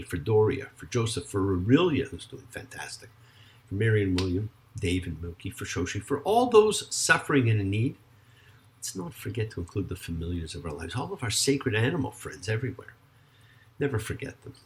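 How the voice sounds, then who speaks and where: A man, a rabbi, giving a sermon with slow, drawn-out stress on key words and parts of prayer sung. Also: lowish voice, darkish tone. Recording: faint guitar music behind.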